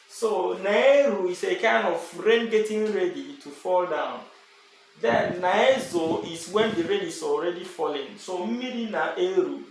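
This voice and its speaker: A man whose first language is Igbo, teaching a language lesson and slowly repeating example words. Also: high-pitched. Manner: slow and repetitive, drawing out example words. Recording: very echoey room with faint background noise.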